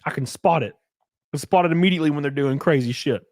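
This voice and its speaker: Southern male streamer, expressive, bit raised pitch, dead-dry close mic. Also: fast, no echo. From Alabama. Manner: animated, profane, reads chat aloud. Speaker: streamer host. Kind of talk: casual live-stream chat.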